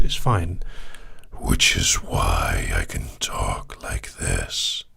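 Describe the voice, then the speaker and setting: A man hosting a live session, reading listener questions aloud and answering them in a relaxed, casual way. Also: lowish voice, vocal fry. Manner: relaxed, reads out questions then answers briefly.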